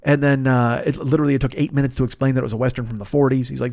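A man with a deep, radio-ready voice rattles through a casual solo podcast monologue at a quick clip. He swears freely, rambles, and slips into other people's voices as he tells his stories. The sound is dry and close, with no room around it. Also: steady tone, a little mellow, dry recording. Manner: profane, rambling storyteller who acts out other people's voices. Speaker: podcast host.

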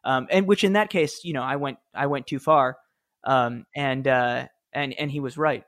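A man's voice: mid-range voice, moderate pace, a bit bright. A man, telling stories earnestly in a casual interview, often restarting his sentences. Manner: earnest, storytelling, frequent restarts. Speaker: former presidential speechwriter, author.

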